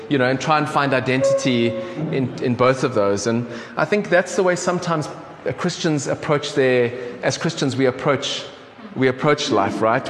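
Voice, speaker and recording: A man from South Africa with a South African accent, preaching a sermon in a casual, conversational way with many ums and restarts. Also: medium pitch. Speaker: pastor. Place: church hall. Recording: echoey church hall with faint room noise.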